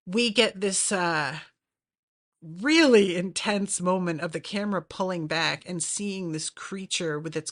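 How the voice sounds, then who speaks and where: A woman with a lowish, fairly bright voice hosts a casual recap podcast. She chats animatedly, using plenty of fillers and swear words.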